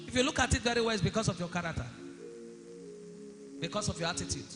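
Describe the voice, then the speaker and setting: A man with a high voice and preaches to his congregation, checking in with "are you hearing me" and climbing to shouts. His voice carries a long church-hall reverb, with music clearly playing underneath. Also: fast, long pauses. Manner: rhetorical questions to the congregation, rising to shouts. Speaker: pastor. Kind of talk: sermon.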